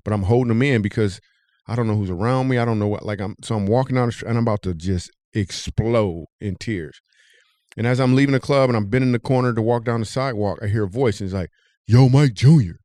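A man hosting a podcast, telling a comic story with animated delivery. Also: fast, no echo, clean studio sound. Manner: animated, jumps high when telling the punchline. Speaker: comedian and podcast host.

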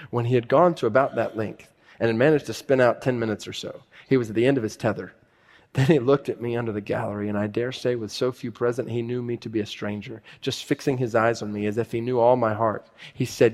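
A man's voice: medium pitch, steady tone, fast talker, a little mellow. A male pastor preaching a sermon, talking casually and reading a conversion story aloud. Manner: conversational, reads passages with shifting intensity.

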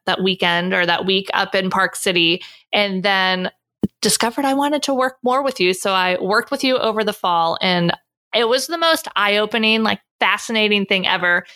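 A woman's voice: medium pitch, a little slow, pushed and bright. A woman hosting a podcast, gushing and chatty as she introduces her guest. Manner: gushing, chatty with many fillers. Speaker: podcast host. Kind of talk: casual interview chat.

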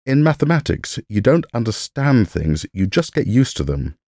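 A man's voice: medium pitch, big pitch swings, normal speed, warm tone, no echo, clean studio sound, voice pushed up. A man voicing a stern, wry elderly male mathematician with a Hungarian accent.

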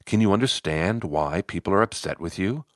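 A man's voice: low voice, animated, normal speed, dry recording, clean studio sound. A man voicing an earnest, somewhat uneasy male manager who asks eager questions during coaching. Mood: rehearsing.

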